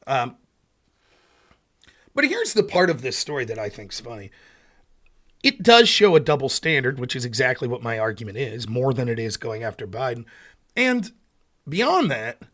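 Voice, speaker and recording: An American man hosting a political livestream, ranting in an animated, mocking way and sometimes calling himself half asleep. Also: medium pitch. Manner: animated, mocking, slips into loud mocking quotes of opponents. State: sleepy.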